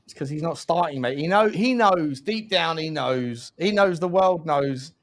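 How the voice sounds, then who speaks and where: A man hosting a football watch-along, reacting with animated, mocking banter. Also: fairly high pitch, measured pace. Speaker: host.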